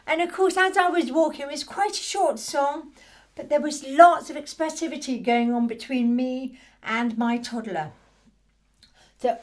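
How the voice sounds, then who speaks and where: A middle-aged woman, an early years music teacher, demonstrating baby music activities in a gentle, playful, sing-song way. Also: sits high, measured pace.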